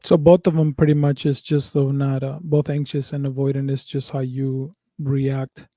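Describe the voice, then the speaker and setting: A man's voice: medium pitch, little pitch movement, moderate pace, mellow, no room sound. A man co-hosting a podcast who asks rambling questions full of restarts in a casual chat. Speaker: podcast co-host. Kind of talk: casual conversation.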